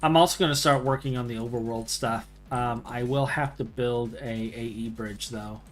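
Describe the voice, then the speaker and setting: A man's voice: mid-range voice, steady tone, normal speed. A young man chatting casually on a gaming stream, joking and sarcastic, often laughing.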